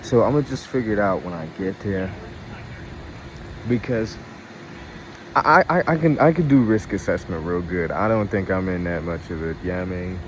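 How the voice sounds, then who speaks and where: A young man with a low, deep voice rambles through a casual travel vlog, swearing freely. He is recorded on a phone held at arm's length outdoors, with insects and passing traffic clearly heard behind him. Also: a little fast, a little mellow. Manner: profane, rambling, talks through frustration and laughs at it. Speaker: show host.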